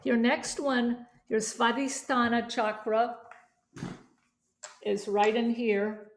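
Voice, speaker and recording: Gravelly-voiced woman teaching voice. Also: fairly high pitch, slow. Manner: demonstrates voices and resonance while explaining; chatty and animated, with asides. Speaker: vocal yoga teacher. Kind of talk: teaching a certification class.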